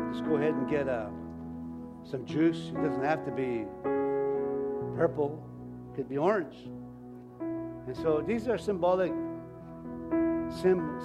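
A man preaching a sermon as pastor, in a folksy, rambling way with many restarts. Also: on the high side.

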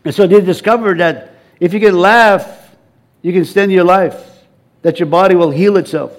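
A middle-aged man preaching a sermon, animated and laughing often, repeating and restarting his phrases as he leads the congregation. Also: sits high, moderate pace.

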